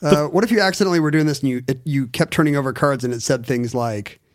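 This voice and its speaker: A man's voice: on the high side, quick pace. A man co-hosting a podcast, chatting casually with wry joking asides. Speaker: podcast co-host. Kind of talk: casual chat.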